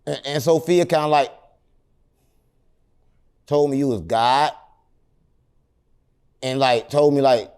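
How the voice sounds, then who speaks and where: A middle-aged man, telling long rambling stories with deadpan jokes as an interview guest. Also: medium pitch, slow, long pauses, clean tone. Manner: animated, rambling, deadpan joking. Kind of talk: rambling storytelling in casual interview.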